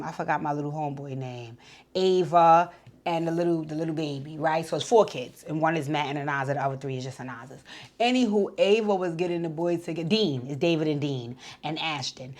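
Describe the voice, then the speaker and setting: A woman with a slightly low voice talks through a reality show episode in a loose, chatty way. She retells scenes with lively back-and-forth quotes and fillers, like she's catching up a friend. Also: normal speed. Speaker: TV show reviewer. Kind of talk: casual show recap.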